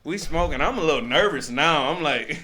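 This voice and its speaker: A man's voice: fairly high pitch, brisk. A man telling a long story in casual chat, laughing often and acting out what others said. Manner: animated, laughing, acts out quoted lines. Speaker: podcast guest.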